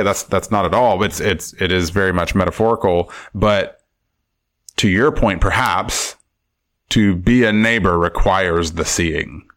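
A man co-hosting a podcast, musing in a halting way about a film and repeating words as he thinks. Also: low voice, a bit bright. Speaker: podcast co-host. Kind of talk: casual film discussion.

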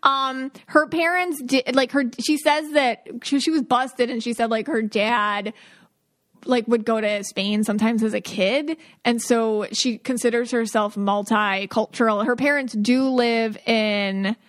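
A woman talks in a loose, rambling way, full of fillers and asides. Her voice sits a little high. She sounds like a podcast host chatting with a guest. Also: fairly even intonation, unhurried. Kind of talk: casual chat.

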